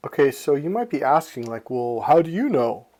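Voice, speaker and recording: A middle-aged man from Northern California giving a casual motivational monologue. He swears freely and is animated. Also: fairly high pitch, normal speed. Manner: animated, swears freely, acts out other people's lines. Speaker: self-help vlogger.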